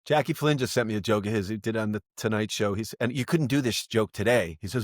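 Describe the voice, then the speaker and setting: A middle-aged male comedian telling animated stories as a podcast guest, acting out quotes. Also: fairly low pitch, quick pace, dry recording, studio quality. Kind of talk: casual storytelling.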